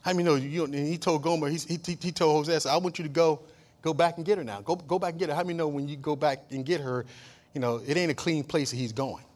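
A male pastor preaching a sermon, dropping to quiet asides, then rising to shouted emphasis with jokes and call-and-response to the congregation. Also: on the high side, steady tone, fast. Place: church.

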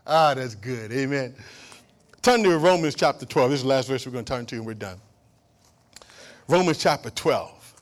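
The pastor's mid-range voice has lively intonation, a moderate pace, and long pauses as he preaches in church. He drops into quiet asides, then builds to shouted emphasis, with jokes and call-and-response from the congregation.

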